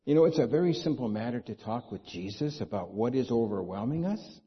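A husky-voiced man preaching, his pitch rising and falling with lively expression as he puts rhetorical questions to his listeners. The recording is dull and lo-fi. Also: brisk. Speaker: pastor. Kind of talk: sermon. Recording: dull lo-fi sound.

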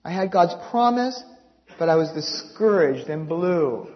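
A man preaching a sermon, telling a story in an animated way and reading quotes aloud. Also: on the high side, a little slow. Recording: dull lo-fi recording.

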